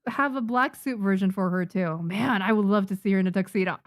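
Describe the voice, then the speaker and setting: A woman from Japan, a native Japanese speaker, chatting casually with her live-stream viewers while she draws manga, excitable and quick to laugh. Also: mid-range voice, no echo, clean studio sound.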